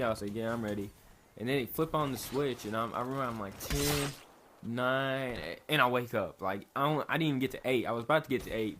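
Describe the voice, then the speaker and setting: A young man telling a story to his viewers in a rambling, profane, laid-back way. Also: medium pitch. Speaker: vlogger. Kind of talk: casual storytelling to camera. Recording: noisy home recording.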